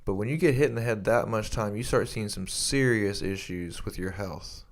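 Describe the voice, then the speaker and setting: Young male podcast co-host with a lowish voice, loose rambling delivery, curses a lot, restarts often. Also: normal speed. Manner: rambling, swears freely, many restarts. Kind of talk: casual chat.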